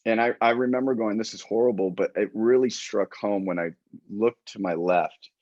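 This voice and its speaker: A man co-hosting a podcast, telling stories in a jokey, drawn-out way in casual chat. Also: on the low side, darkish tone, no room sound, lo-fi sound. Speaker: podcast co-host, gym staff.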